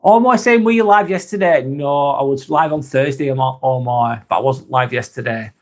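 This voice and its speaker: A man's voice: medium pitch, moderate pace. A man hosting a casual live chat, reading viewer comments aloud, laid-back, laughing often and swearing freely. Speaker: livestream host.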